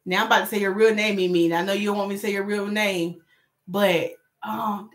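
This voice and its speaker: While styling hair live, a woman with a medium-pitched voice chats at a normal pace. She reads viewers' comments aloud, jokes with them, and stays chatty and animated.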